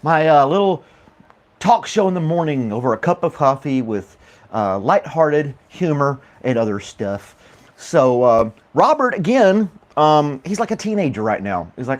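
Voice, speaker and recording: A man's voice: fairly high pitch, big pitch swings, normal speed. A man from the United States hosting a casual morning talk show, rambling and laughing often, with many fillers. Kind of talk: casual chat with live chat viewers.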